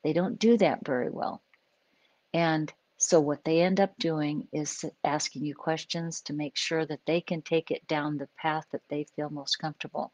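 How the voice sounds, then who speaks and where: Low-voiced woman explaining on a live stream. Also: steady tone, normal speed, darkish tone, no room sound, poor audio. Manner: conversational, explains with acted examples and asides. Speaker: psychologist hosting a live stream. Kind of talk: unscripted teaching talk to a live audience.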